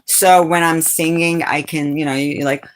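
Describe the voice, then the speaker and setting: A woman from New England with a low, sultry voice chats casually on a livestream. She is sassy and answers her chat's comments directly. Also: fairly even intonation, moderate pace. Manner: sassy, talks back to chat comments. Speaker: livestream host.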